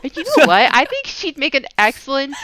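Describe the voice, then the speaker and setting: High, excitable woman. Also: a little fast, crowd noise. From United States. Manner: excitable, laughing. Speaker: podcast guest. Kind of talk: casual chat.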